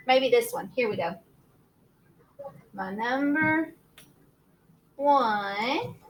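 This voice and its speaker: Her voice is on the high side and a bit bright. She's a kindergarten teacher holding an online morning meeting over video, coaxing young children in a cheerful, sing-song manner.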